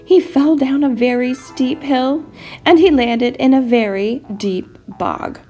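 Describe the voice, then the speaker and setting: Teacher, female, expressive picture-book reader; breathy voice, lively pitch, faint music underneath. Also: slow. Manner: expressive, animated storytelling. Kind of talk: reading a picture book aloud.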